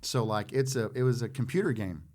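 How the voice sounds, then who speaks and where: A man in his forties, a former Marine guest on a podcast, telling stories in a self-deprecating, halting way with lots of fillers. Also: medium pitch, darkish tone. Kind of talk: casual storytelling chat.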